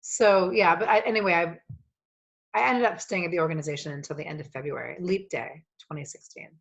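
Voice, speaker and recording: A woman with a notably low voice tells long personal stories with animated, emotional energy. She swears freely and rambles from one thought to the next. The tone is relaxed and conversational, like a podcast chat. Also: brisk, vocal fry, breathy edge. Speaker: podcast guest, coach. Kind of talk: casual storytelling conversation.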